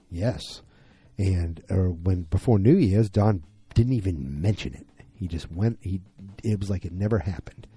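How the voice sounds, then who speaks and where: A man's voice: low voice, dark tone, slightly rough. A man hosting a podcast who recaps an episode in a casual, rambling way, with many fillers and restarts. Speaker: podcast host.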